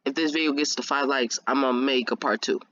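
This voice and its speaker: A man's voice: mid-range voice, fairly even intonation, a little fast, bright, forceful tone, lo-fi sound, slight background noise. A young man casually telling a fan story, rambling with many restarts and laughing at himself. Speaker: fan video creator.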